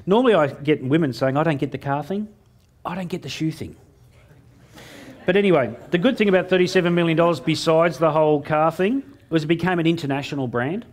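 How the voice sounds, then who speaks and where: A middle-aged Australian motivational speaker gives a keynote to a live audience, telling cheeky stories and acting out both sides of his conversations with a jokey punchline rhythm. His voice is on the high side, a little mellow, and he talks fast.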